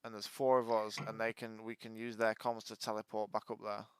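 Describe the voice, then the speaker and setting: A man playing a tabletop game, pitching plans in a casual, eager, joking way. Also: completely flat delivery, fairly quick, clean tone, no room sound. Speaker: player.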